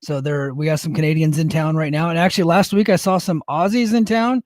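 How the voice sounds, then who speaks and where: A man's voice: on the high side, fairly even intonation, brisk, darkish tone, dry recording, clean studio sound. Easygoing male podcast co-host. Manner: easygoing, reads out chat names. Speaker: Air Force service member in leadership. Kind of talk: casual chat.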